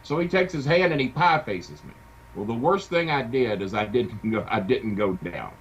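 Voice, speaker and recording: A middle-aged man, a wrestling manager telling an animated story in a casual interview. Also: medium pitch, normal speed. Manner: animated anecdote-telling with acted quotes. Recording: dull lo-fi sound with faint hiss.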